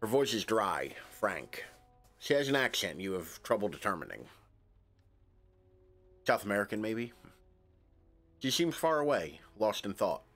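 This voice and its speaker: Lively low-voiced man reading a game. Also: measured pace, pauses often, soft background music. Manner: casual, wry asides between narration. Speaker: streamer. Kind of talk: reading a narrative game aloud with commentary.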